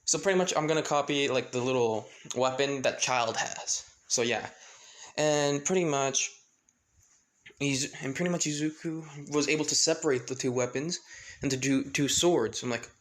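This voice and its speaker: A man's voice: mid-range voice, moderate pace. A man casually retelling a fan story, rambling with many restarts and filler phrases.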